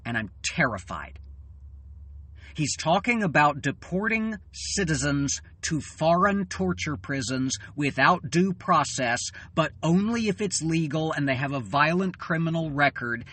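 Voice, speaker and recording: A man in an angry, swearing political rant, tired and fuming, halting and then bursting out loud. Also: a little high, expressive. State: weary and fuming. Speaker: channel host.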